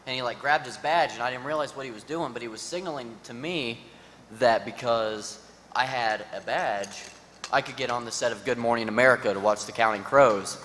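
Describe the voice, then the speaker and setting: A man's voice: mid-range voice, fairly quick, fairly bright tone. A man on a conference panel telling a casual story in a laid-back, rambling way. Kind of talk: casual anecdote on stage. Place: large conference hall. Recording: reverberant hall, faint noise.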